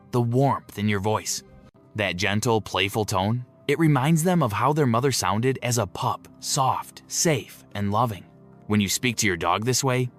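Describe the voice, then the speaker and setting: A man giving a scripted narration in a slow, emotive delivery with dramatic pauses. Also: mid-range voice. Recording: soft music beneath the voice.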